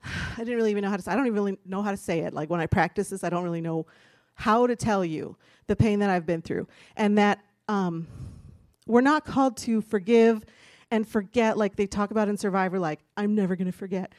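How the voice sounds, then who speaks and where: A woman's voice: medium pitch, a little fast, no room sound, clean studio sound. Candid, chatty woman sharing a testimony. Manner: candid, chatty, animated, laughs often. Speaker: speaker giving a church talk. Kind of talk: personal testimony talk. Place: church stage.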